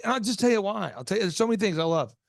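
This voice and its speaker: A man hosting a business podcast, telling stories in an animated, emphatic way. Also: high voice, very fast, creaky, no room sound, clean studio sound. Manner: animated storytelling, emphatic asides. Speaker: podcast host.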